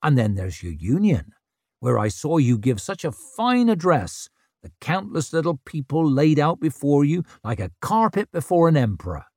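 A brash young woman chieftain, sly and mocking, her voice lifted higher and swooping with plenty of life, as a male narrator puts her on. She talks with a husky edge over a dry, close sound. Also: very animated, moderate pace, darkish tone, no echo. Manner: teasing, cheeky, needling.

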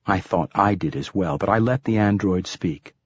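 A man narrating a first-person audiobook in a steady, even storytelling manner. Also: deep voice, moderate pace, slightly rough, no room sound.

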